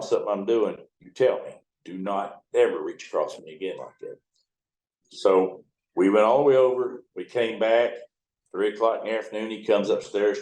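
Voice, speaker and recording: A man's voice: on the low side, darkish tone, echoey room, rough recording. Older man spinning salty river yarns. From United States. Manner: folksy, profane yarn-spinning. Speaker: towboat captain. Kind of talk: storytelling interview.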